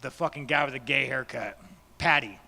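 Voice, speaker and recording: Man, fighter, press scrum, blunt, profane, rambling, bright sharp voice, echoey hall. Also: medium pitch, moderate pace, creaky. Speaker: fighter at media day. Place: large media day room.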